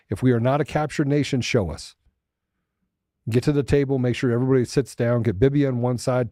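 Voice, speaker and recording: Dark-voiced man ranting as show host. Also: medium pitch, no echo, studio quality. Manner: ranting, mocking asides. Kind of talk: political commentary show.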